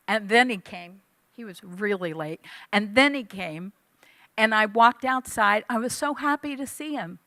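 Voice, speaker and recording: A woman in her fifties giving a sermon, telling a personal story with animated delivery and acting out her own past lines. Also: a little high, gravelly, dry recording. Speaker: church speaker. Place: church hall.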